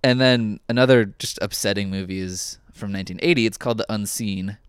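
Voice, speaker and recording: A man's voice: lowish voice, fairly quick, smooth, no echo, studio quality. A man co-hosting a podcast in casual chat, rambling and enthusiastic, a little self-deprecating. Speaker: podcast co-host.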